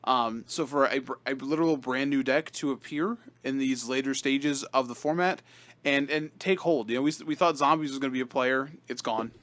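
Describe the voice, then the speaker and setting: A man's voice: medium pitch, normal speed, a bit bright. A man co-hosting a casual podcast, talking things over with lots of fillers and restarts. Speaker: podcast co-host. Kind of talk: casual chat about card game.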